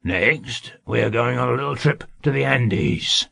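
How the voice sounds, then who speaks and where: Male narrator puts on a sly, greedy plotter for an audiobook; rough, breathy, slow, unhurried. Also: mid-range voice, sharp tone, no echo, clean studio sound, full character voice. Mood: scheming. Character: sly scheming male servant, cunning and greedy.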